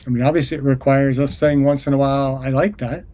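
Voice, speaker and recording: A man's voice: medium pitch, fairly even intonation, fast, mellow. A man hosting an interview podcast, asking questions in a thoughtful way, often hedging with filler phrases. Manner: thoughtful, hedging with "you know". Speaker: podcast host.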